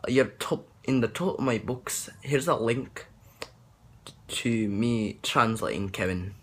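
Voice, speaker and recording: A man's voice: medium pitch, slow, husky. A young man talking casually about accents, rambling and hesitant with many fillers and restarts. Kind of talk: casual accent tutorial vlog.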